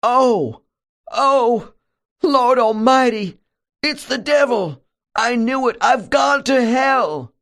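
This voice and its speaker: A man voicing a terrified fiery preacher from the 1920s who cries out in a shrill, panicked voice. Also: expressive, unhurried, fairly bright tone. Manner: panicked, crying out.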